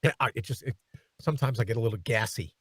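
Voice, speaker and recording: A man hosting a radio talk show, ranting in a sarcastic, animated way from a studio microphone. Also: mid-range voice, quick pace, slightly rough, dry recording.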